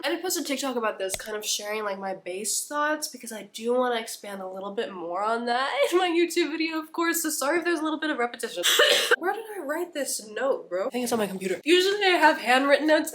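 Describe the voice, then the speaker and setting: A woman's voice: medium pitch, fairly bright tone. A young woman with a stuffy, congested voice, rambling and gushing in a casual book review vlog. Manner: rambling, gushing, self-deprecating. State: congested with a cold. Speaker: book vlogger.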